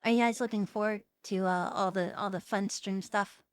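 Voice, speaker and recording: A young woman hosting a live stream, chatting casually with viewers, giggling often and filling pauses with "um" and "uh.". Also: medium pitch, fairly even intonation, clear, resonant tone, dry recording, clean studio sound. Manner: chatty, giggly, lots of fillers. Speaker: VTuber streamer host.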